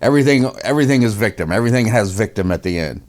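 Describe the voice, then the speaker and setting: Mocking, deep-voiced man ranting. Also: lively intonation, rapid-fire. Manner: mocking, laughs often, repeats himself. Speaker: commentary podcast host. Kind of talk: casual opinion commentary.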